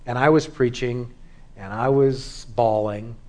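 A middle-aged male pastor preaching a sermon, moving from hushed, quiet stretches to loud, fervent exhortation. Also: mid-range voice, steady tone, measured pace.

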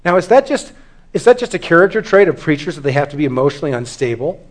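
High-voiced middle-aged pastor preaching, goes quiet and hushed then loud and fired up. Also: male voice, very animated, fast talker. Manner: swings from hushed, quiet confession to loud, fervent exhortation. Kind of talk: sermon.

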